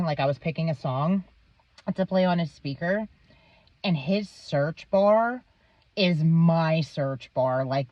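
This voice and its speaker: A low-voiced woman vlogger who rambles and swears freely as she talks to the camera. Her pitch swings widely and her pace is unhurried. The sound is dry but dull and set back from the mic. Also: no room sound. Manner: rambling, swears a lot, many "um"s and "like"s. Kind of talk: casual monologue to camera.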